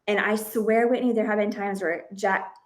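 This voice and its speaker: A woman hosting a parenting podcast, talking in a lively conversational way and acting out bits of family dialogue as she tells stories. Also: mid-range voice, normal speed. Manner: animated storytelling, acts out family dialogue. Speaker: podcast host and parenting coach.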